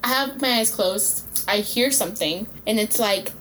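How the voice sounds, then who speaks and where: A woman in her twenties in casual chat, telling a story in a lively way, swearing and laughing as she goes. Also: mid-range voice, normal speed, a little hiss or hum.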